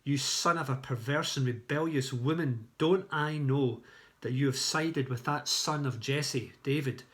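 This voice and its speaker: A jealous, furious king , read aloud by a man. He hurls accusations in a slow, weighty voice, pitched only a little above the reader's own. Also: natural voice.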